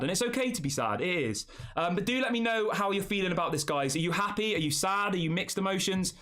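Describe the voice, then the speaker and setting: A man's voice: on the high side, fairly bright tone. A young man hosting a football news channel, reacting emotionally on a live stream and talking straight to his viewers. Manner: emotional, repetitive, addresses viewers as guys.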